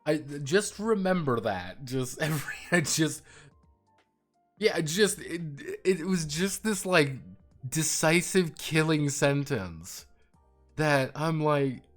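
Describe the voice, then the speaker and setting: A man's voice: on the high side, expressive, slow pace, a bit bright, soft background music. A man chatting casually on his stream, swearing freely and laughing hard while he tells stories. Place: home streaming setup.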